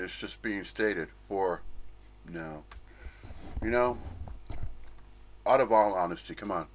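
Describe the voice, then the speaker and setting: A man's voice: lowish voice, a bit bright. Blunt, profane man ranting. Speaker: spiritual commentator. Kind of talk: ranting monologue.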